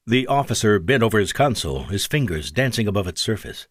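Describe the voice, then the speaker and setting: A man narrates a scripted audiobook, changing his pitch and pace for the characters' dialogue. He's very animated, a little fast, and rarely pauses, in clean studio audio with no echo.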